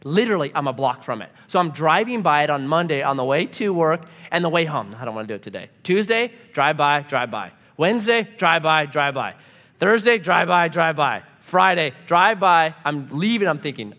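A man with a slightly high voice preaches a sermon as a personal story. He acts out the other people in the story with wide swings of pitch. His voice carries a long hall echo. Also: fairly quick. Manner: animated storyteller acting out dialogue, laughing. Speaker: pastor.

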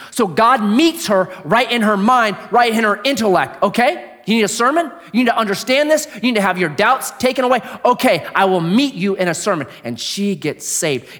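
A man preaching a sermon in a conversational storytelling way, swinging from animated bursts to hushed, low asides. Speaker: pastor.

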